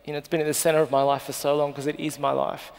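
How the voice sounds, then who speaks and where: Gravelly, emotional Australian man. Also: a little high, little pitch movement, fast talker. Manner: emotional, earnest, passionate. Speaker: journalist guest. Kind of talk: live stage interview. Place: festival stage. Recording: long hall reverb.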